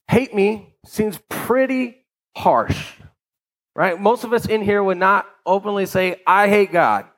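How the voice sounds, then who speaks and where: A man's voice: high voice, slow, rough recording. A man preaching a sermon in a conversational way, often checking in with his listeners and repeating words as he restarts. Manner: conversational, keeps asking "right?". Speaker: pastor.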